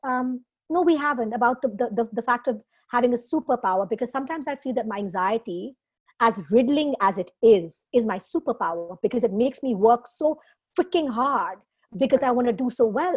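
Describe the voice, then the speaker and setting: A woman with a fairly high voice and a breathy edge speaks fairly quickly as a guest in an informal interview. She's emotional and expressive, laughing often and filling her speech with fillers.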